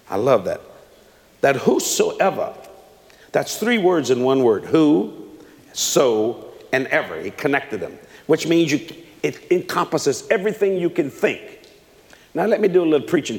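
A male preacher giving an animated, playful sermon, swinging between loud emphasis and hushed asides. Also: medium pitch. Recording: long reverb of a large hall.

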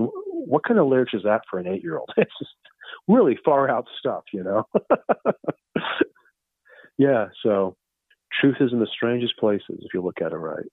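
A rambling, excitable man in his fifties talks loosely over a tinny phone line. His voice sits a little low, and the call sounds dry and close. He drifts from thought to thought with easy enthusiasm. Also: creaky, breathy edge, dry recording. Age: 50s. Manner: rambling, loose and excited, keeps saying "you know" and "far out". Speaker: guest, founder of a fun-based religion. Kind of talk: casual phone interview.

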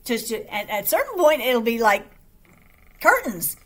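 A woman's voice: a little high, very animated, brisk. A woman hosting an online show, talking casually to her viewers in a rambling, chatty way with many restarts, her voice a little weak and short of breath.

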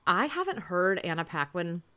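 A woman's voice: lowish voice, sing-song, normal speed, a bit bright. A woman hosting a podcast in casual chat, talking freely with frequent laughs and fillers. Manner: chatty, laughs often, lots of fillers. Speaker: podcast host.

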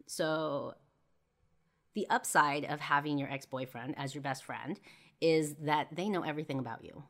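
A woman's voice: sits low, unhurried, gravelly, pauses often. A woman hosting a podcast, candidly telling a personal story with lots of fillers and swearing. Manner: candid, profane, full of fillers; heated when reliving arguments. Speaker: podcast host.

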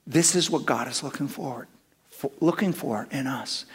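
A middle-aged man preaching a sermon, telling personal stories with lively swings from loud emphasis to hushed asides. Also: medium pitch, normal speed. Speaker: pastor.

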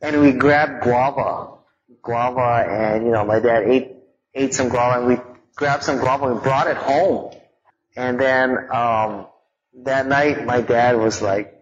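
A man teaching a live audience in a relaxed, conversational way, mixing in stories from growing up and frequent fillers. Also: medium pitch, unhurried, lo-fi sound. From Hawaii.

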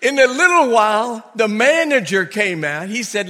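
High-voiced older pastor in a reverberant church. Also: male voice, normal speed. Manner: animated, humorous storyteller who laughs often. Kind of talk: storytelling sermon. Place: church before a congregation. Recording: long reverb from a large church hall.

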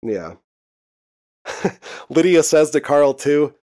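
Taking it slowly with long pauses, a young man speaks in a mellow, mid-range voice. He co-hosts a podcast and recaps a TV episode in casual chat, often laughing and cursing freely.

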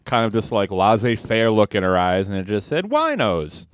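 Low-voiced man telling a rambling story. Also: fairly even intonation, fairly quick, clear, resonant tone, dry recording, studio quality. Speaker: podcast co-host. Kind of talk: casual comedic chat.

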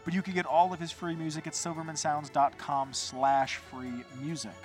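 A man hosting a podcast, telling a rambling, animated story in a casual monologue with some swearing. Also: on the high side, normal speed, soft background music. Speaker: podcast host.

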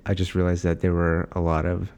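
A man's voice: deep voice, completely flat delivery, brisk, darkish tone, smooth. A young man hosting a podcast, chatting casually with plenty of fillers. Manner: laid-back, chatty with many fillers. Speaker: podcast host. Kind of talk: casual chat.

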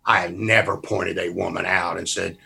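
A man's voice: low-pitched, fairly even intonation, normal speed, gravelly, sharp tone, husky. A middle-aged pastor, arguing his case in a fervent, folksy preaching cadence. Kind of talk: heated debate.

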